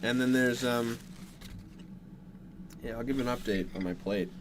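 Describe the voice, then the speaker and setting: A young man from Canada streaming from a dark bedroom, chatting casually with viewers in a rambling way while working through a plate of food. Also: medium pitch, unhurried, slight background noise.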